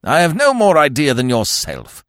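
A man voicing an older male explorer who shouts and blusters in a high, strained voice. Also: huge pitch swings, normal speed, no room sound, clean studio sound. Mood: scornful.

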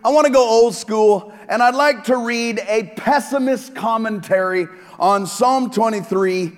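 A man's voice: very high voice, a little slow, big-room sound. A man preaching a sermon as pastor, joking with the congregation and driving points home emphatically.

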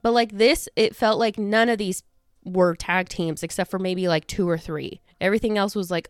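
A woman's voice: mid-range voice, steady tone, normal speed, smooth, no room sound. A young woman hosting a podcast in casual chat. She rambles with lots of fillers and restarts and sounds a little out of breath, close to the microphone. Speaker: podcast host. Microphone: studio microphone close to the face.

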